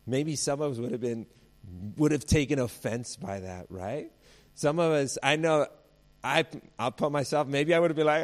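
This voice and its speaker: A man's voice: fairly high pitch, expressive, moderate pace. Conversational male pastor telling stories. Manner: conversational, mixes family anecdotes with scripture; acts out quoted voices. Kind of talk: sermon.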